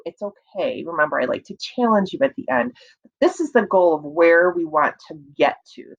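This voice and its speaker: Patient low-voiced woman teaching phonics. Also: muffled recording. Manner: slow, patient, encouraging, repeats words and stretches sounds. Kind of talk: early reading lesson for young children.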